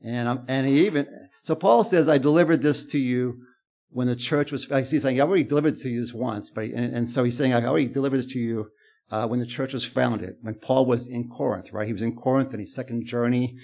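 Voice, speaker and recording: A male pastor giving a conversational sermon to his congregations, growing animated when he quotes scripture. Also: mid-range voice, a little fast.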